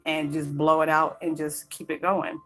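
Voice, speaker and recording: A woman's voice: low voice, little pitch movement, moderate pace, low-quality recording. A woman vlogger talking earnestly about her spiritual path, rambling with many fillers and close to tears. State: choked up, near tears. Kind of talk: emotional personal talk to camera. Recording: faint background music.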